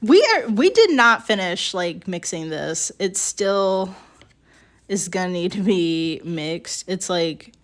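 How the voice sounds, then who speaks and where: Slow, rambling young woman chatting. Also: fairly low pitch, animated. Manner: rambling storytelling with many fillers and laughs. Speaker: streamer working on ceramics. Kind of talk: casual chat while working. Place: home pottery studio.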